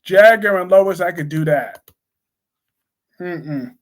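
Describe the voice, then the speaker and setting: This man's voice is high, and he talks slowly and plainly about soap operas while chatting with viewers on a relaxed live stream. Emphasis comes through repetition of what he's already said.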